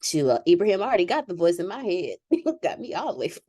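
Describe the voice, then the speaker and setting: A woman hosting a casual group call, animated and candid, laughing often as she talks. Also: mid-range voice, quick pace, no room sound, studio quality.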